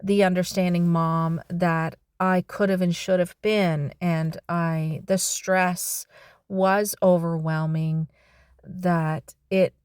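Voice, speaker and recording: A middle-aged woman talking to camera in a personal, reflective vlog, heartfelt and halting, with sighs and restarts. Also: fairly low pitch, flat delivery, a little mellow, clear, resonant tone, no echo, clean studio sound. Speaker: vlogger.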